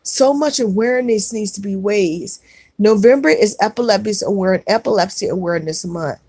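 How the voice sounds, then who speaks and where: A woman's voice: medium pitch, moderate pace, mellow, slightly rough, dry recording. A middle-aged woman hosting a casual livestream, reading viewer comments aloud and answering with earnest comfort, often saying "y'all.".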